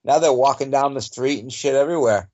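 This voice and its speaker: A man's voice: medium pitch, fairly quick, a little mellow. A man from the Boston area chatting casually in an easygoing, agreeable way. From North Shore of Boston area. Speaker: podcast guest. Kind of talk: casual chat. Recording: dull lo-fi audio.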